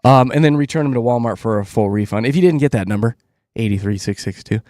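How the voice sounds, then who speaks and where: A man's voice: medium pitch, quick pace, darkish tone, no echo, studio quality. A man hosting a radio morning show, reading news bits in jokey, teasing banter. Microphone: studio microphone.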